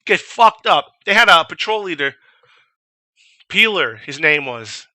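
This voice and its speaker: A young man casually telling a profane, animated story and mimicking shouted orders as a vlogger. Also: a little high, a little slow, no echo. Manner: profane, animated, imitates drill instructors shouting.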